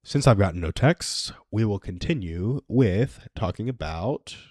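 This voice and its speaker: Twenties male stream host, low voice, dry close sound, rambling and self-amused. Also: animated, a little slow, a little mellow, no room sound. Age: 20s. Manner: rambling and self-amused, chuckles at his own stories. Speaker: livestream host. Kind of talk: casual solo livestream chat.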